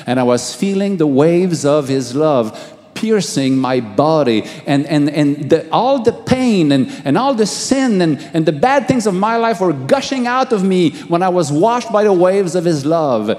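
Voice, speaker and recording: A middle-aged man, a pastor, giving a halting testimony sermon, repeating words and swinging from hushed to raised. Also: on the high side, expressive. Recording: long hall reverb.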